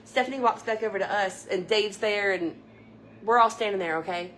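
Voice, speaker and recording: A woman's voice: medium pitch, a little fast, fairly bright tone, slight background noise. A woman hosting a casual livestream, chatting with viewers and telling stories with frequent laughter. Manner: chatty, storytelling, laughs often. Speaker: livestream host.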